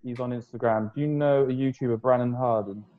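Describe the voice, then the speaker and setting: A man's voice: medium pitch, fairly even intonation, a little fast, phone-quality sound. A young man chatting casually on a podcast, rambling loosely and swearing freely. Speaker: podcast host, fitness coach. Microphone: video call.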